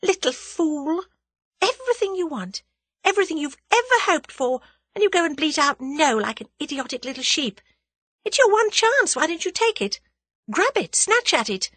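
A spirited young heroine from an audiobook, as a woman reads her, whose high voice leaps up and down as she exclaims and scolds herself. The storybook voice is recorded dry and close, with the delivery kept lively and full of feeling. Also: moderate pace, no room sound, heavily acted. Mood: self-scolding. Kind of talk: audiobook character reading.

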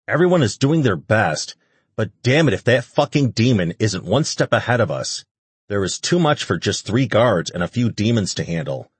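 A man's voice: fairly low pitch, very animated, moderate pace, husky, dry recording, pitched above the performer's own voice. A man voicing a blunt, profane male guard who barks out his words urgently. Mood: agitated. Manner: urgent, barking.

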